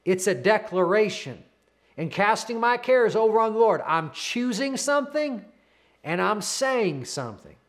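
A man in his thirties preaching with a high, light voice. He presses his point through earnest, repeated declarations, speaking close to the mic. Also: big pitch swings, a little slow. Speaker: pastor. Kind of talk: sermon.

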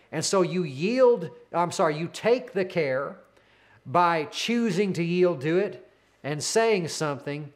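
A man in his thirties preaching with a high, light voice. He presses his point through earnest, repeated declarations, speaking close to the mic. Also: expressive, takes it slowly. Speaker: pastor. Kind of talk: sermon.

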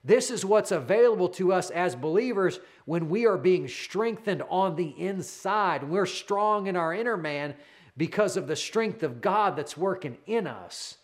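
A man preaching a sermon with fervent energy, repeating key phrases and calling the listener "friend", speeding up when he gets excited. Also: sits high, measured pace.

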